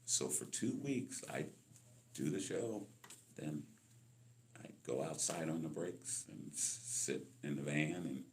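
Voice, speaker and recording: Deep gravelly older man telling stories. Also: slow pace, slight background noise. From Los Angeles, California. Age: 60s. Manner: animated storyteller, acts out voices in his anecdotes. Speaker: guest musician. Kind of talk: storytelling interview.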